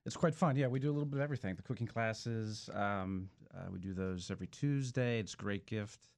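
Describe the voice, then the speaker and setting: A man's voice: fairly low pitch, brisk. A man who is a chef, talking casually about his restaurant with many fillers. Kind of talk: interview answers.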